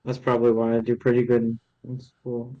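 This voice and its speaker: A man's voice: mid-range voice, completely flat delivery, brisk, narrow, tinny audio. A man co-hosting a casual sports podcast, talking hesitantly with short fillers. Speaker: podcast co-host.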